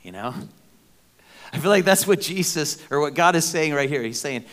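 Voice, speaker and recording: A middle-aged pastor delivers a sermon in a loose, conversational way, tossing in jokes, asides and goofy sound effects. His voice sits a little on the high side for a man. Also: animated, normal speed, a bit bright.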